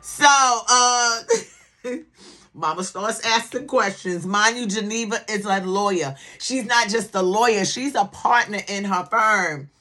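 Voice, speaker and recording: A woman reviews a TV series in casual, sassy commentary. She repeats herself for emphasis and keeps checking that the listener is with her. Her voice sits at a middle pitch. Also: a little slow, bright, forceful tone. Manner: sassy, emphatic, keeps asking "okay?" for agreement.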